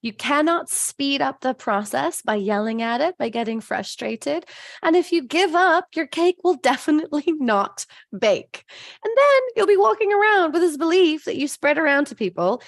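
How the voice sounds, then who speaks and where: A woman hosts a casual live stream, chatting straight to her viewers and breaking into frequent laughs. Her voice sits a little high with a gravelly, fried edge. The sound is close and dry. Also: animated, normal speed, dry recording. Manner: chatty, laughs often, acts out voices in a story. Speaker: host of a live stream, abundance coach.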